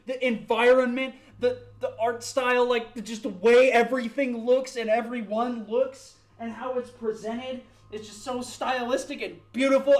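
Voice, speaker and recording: Young man, very high voice, rambling dramatic gaming rant, echoey room, drifts near and far from the mic. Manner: rambling, dramatic, self-mocking; paces about the room, moving toward and away from the mic. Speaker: gaming YouTuber. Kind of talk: ranting gameplay commentary. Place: home room at his computer.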